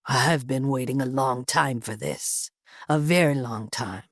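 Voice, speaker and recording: A woman voicing a menacing middle-aged male gang boss in an audiobook, with a gravelly Puerto Rican accent and a slow growl. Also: rumbling low, dry recording, clean studio sound. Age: 40s.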